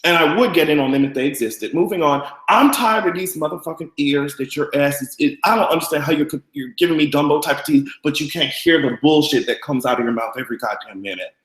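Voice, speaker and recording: On his live-stream gossip show, a vlogger talks fast with hardly any pauses in a fairly high voice. He's brash, profane and camp, letting out loud cackling laughs, and the audio is poor and reverberant.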